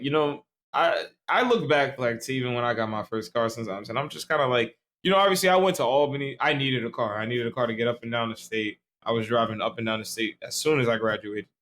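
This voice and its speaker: A man's voice: medium pitch, brisk, hardly any pauses, fairly bright tone. A tipsy young man from Staten Island, co-hosting a podcast in loose, rambling casual chat full of slang and swearing. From Staten Island, New York. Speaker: podcast co-host.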